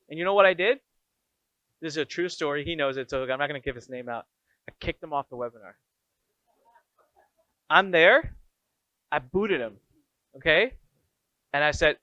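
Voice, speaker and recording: Energetic man coaching on business. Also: fairly high pitch, brisk, long pauses, no echo, highs cut off. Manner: energetic storytelling, frank and animated. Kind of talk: coaching talk to members.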